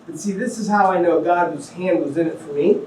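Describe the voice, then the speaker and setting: A middle-aged man from Ohio tells his life story to a small gathering, slipping into voices for the people in it and joking along the way. His voice sits a bit high for a man. He sounds set back from the mic in a small room that echoes. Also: normal speed, distant mic, slight background noise. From Ohio, USA. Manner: animated storyteller, acts out quotes, jokey asides. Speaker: guest speaker. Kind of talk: testimony talk to a small audience.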